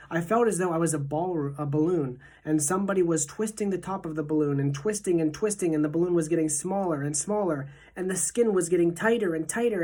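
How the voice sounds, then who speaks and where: Teacher narrator, female, deep-pitched, steady expressive storybook reading.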